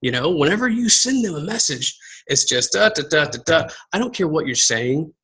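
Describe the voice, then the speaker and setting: A man from Southern Texas giving a casual motivational talk to his team, energetic and rambling, repeating words and calling his viewers guys. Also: on the high side, normal speed, husky, low-quality recording. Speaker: team coach giving a live video talk.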